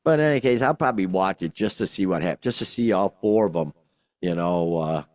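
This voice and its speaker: A man's voice: sits low, animated, fairly quick, darkish tone, no room sound, studio quality. An older man co-hosting a casual podcast, rambling and joking with lots of fillers and exclamations. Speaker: podcast co-host. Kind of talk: casual chat.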